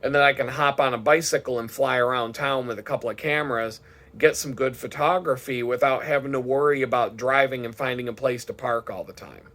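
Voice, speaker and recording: A man's voice: medium pitch, fairly even intonation, fairly quick, fairly bright tone. A man talking casually in a rambling, profane vlog monologue, swearing freely as he tells his day. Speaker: vlogger.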